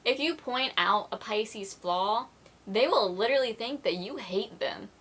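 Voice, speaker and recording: A woman vlogger talking casually straight to her viewers, voice bright and forward. She rambles with lots of "like" fillers, keeps apologizing, and slips into quick acted-out snippets of conversations. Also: fairly high pitch, lively intonation, slightly rough. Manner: chatty, filler-heavy, apologetic, acts out quoted exchanges. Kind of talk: casual vlog chat to camera.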